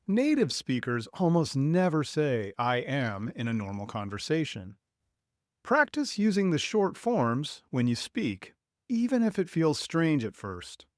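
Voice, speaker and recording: A man gives a measured, unhurried podcast lesson to English learners, his pitch rising and falling expressively. His delivery is clear and deliberate, with plenty of space between phrases. The sound is close and dry, with no room around it. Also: a little mellow, no room sound. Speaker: podcast host and English teacher.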